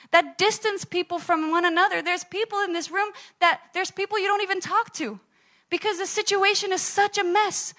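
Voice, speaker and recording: A woman's voice: very high voice, bright, forceful tone. A woman preaching a sermon to her church, telling personal stories with animation and laughing at herself.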